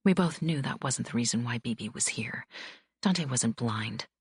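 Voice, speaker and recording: A woman's voice: animated, normal speed, dry recording, studio quality. A woman narrating a romance audiobook in the first person. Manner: low, husky first-person reading. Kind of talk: scripted narration.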